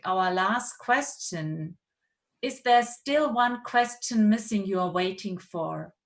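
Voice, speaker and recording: A professor moderating a seminar video call, a woman asking her questions in a measured, careful way. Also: mid-range voice, fairly bright tone. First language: German.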